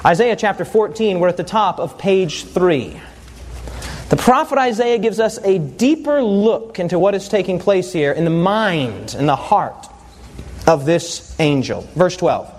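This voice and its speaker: High-voiced man preaching a sermon. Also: measured pace, slight background noise. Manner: animated storytelling with audience call-and-response.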